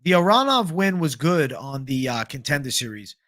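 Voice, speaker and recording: Young male stream host, slightly high pitch, dry close mic, loose profane chat. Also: sing-song, normal speed, fairly bright tone, no echo. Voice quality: casual, profane, reads chat aloud. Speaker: MMA livestream host. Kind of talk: casual livestream fight picks chat.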